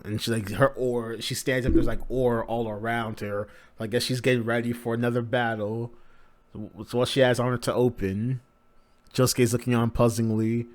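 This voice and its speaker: A man's voice: medium pitch, level tone, normal speed. A man hosting a live manga reaction, narrating the pages casually and crudely with many fillers.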